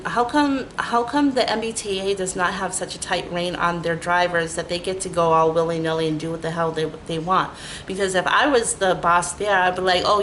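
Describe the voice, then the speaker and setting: A middle-aged woman telling a rambling, animated story in a casual vlog, full of "like" and restarts. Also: medium pitch, slight background noise, low-quality recording. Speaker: storytelling vlogger.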